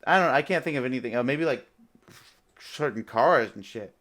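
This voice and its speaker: A man's voice: medium pitch, lively intonation, moderate pace, fairly bright tone. A young man hosting a podcast in casual chat, rambling with lots of filler words and frequent laughter. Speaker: podcast host.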